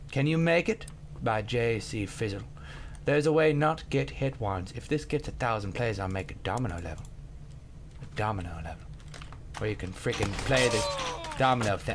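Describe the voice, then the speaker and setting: A man giving casual gameplay commentary, excitable, with sudden yelps, laughs and outbursts. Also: lowish voice, moderate pace, a little hiss or hum.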